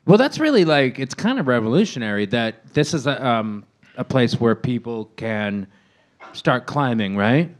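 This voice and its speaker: A man's voice: mid-range voice, very animated, normal speed. A middle-aged man as a podcast guest, easygoing and dry, tossing in jokey asides during casual chat.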